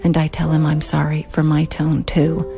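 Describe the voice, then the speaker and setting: A woman's voice: sits low, monotone, normal speed, vocal fry, over music. A woman hosting her own show, reading a personal story aloud in a wry, candid and plain-spoken way. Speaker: host and storyteller.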